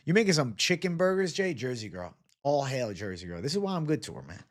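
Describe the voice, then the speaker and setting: A man's voice: medium pitch, big pitch swings, quick pace, few pauses. Man, young adult, livestream host, casual chat, profane, rambling.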